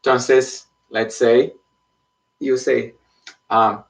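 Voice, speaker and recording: A man's voice: mid-range voice, little pitch movement, very slow, gravelly. A man teaching an online Spanish lesson in English, explaining patiently and checking in with frequent "okay?". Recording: voice somewhat far from the mic.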